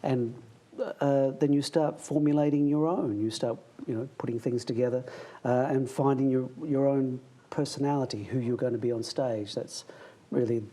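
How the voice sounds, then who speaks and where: A man's voice: medium pitch, steady tone, normal speed, dark tone. A middle-aged Australian man from Adelaide, a magician guest, chatting casually and laughing through his anecdotes. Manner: playful, laughs while telling anecdotes. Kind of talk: casual chat.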